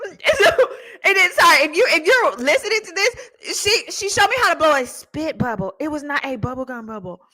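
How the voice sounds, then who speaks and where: Woman, attorney host, casual storytelling, slangy, high lively voice. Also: a little fast. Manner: animated, slangy, laughing asides.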